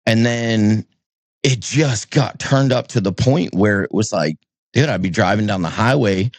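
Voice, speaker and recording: A middle-aged man from New England, a pastor and podcast co-host, telling a candid personal story and swinging between low somber tones and high exasperated bursts. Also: a little slow, dry recording.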